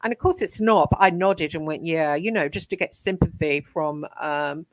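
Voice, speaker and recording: A woman, an interview guest, telling her life story frankly, with many pauses and restarts. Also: sits low, no room sound. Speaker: interview guest, psychic medium and author.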